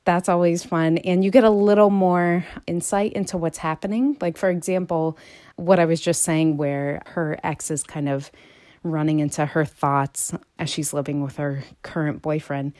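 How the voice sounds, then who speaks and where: A woman vlogger chatting casually and meandering, her voice jumping higher and louder when she gets excited. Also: normal speed, dry recording, studio quality. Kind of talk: casual chat.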